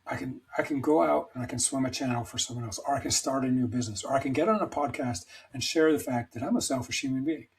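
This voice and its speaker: A man's voice: medium pitch, fast talker, hardly any pauses, slight background noise, rough recording. A middle-aged man talking as a podcast guest, telling personal stories in a rambling, emphatic, self-deprecating way. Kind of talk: candid conversational storytelling.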